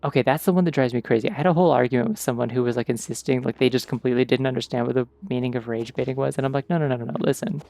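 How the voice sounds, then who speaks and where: This gamer races through casual, digressive chatter full of "like," hardly pausing at all. His mid-range voice is dark-toned with vocal fry, the recording has no room sound, and game music plays faintly.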